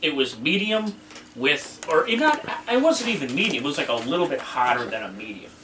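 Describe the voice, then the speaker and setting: A man's voice: fairly high pitch, very animated, fairly quick. A man co-hosting a wing review podcast, giving blunt, emphatic verdicts in casual chat. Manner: blunt, emphatic, fired-up critic. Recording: echoey room, distant mic, faint noise.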